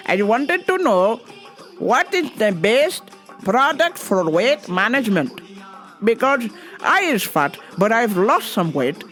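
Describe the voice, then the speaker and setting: Woman putting on a shrill, pushy lady customer. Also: big pitch swings, takes it slowly, a bit bright, faint music behind, heavily acted. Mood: insistent. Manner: shrill, insistent, repeating herself. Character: rude demanding middle-aged woman customer.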